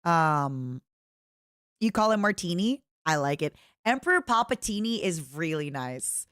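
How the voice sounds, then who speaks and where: A woman's voice: fairly low pitch, lively intonation, unhurried, fairly bright tone, no room sound, clean studio sound. A woman from Eastern Europe streaming, chatting playfully with her chat and often breaking into giggles. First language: French-schooled, non-native English.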